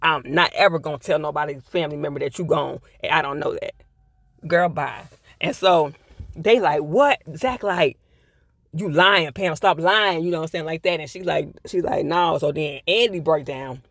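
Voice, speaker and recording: A man's voice: on the high side, fairly quick, vocal fry, a bit bright, no room sound. A man giving a casual, blunt TV episode review, swearing freely and repeating his points for emphasis. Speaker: TV show reviewer.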